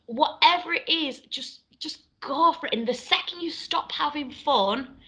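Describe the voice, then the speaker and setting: A woman's voice: high-pitched, unhurried, pushed and bright. A woman actor and presenter chatting animatedly as an interview guest. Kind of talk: casual interview chat.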